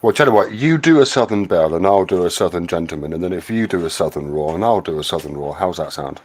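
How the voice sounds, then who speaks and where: A man's voice: low-pitched, lively intonation, fast talker, a little mellow. A man hosting a casual live group chat, teasing and making playful requests.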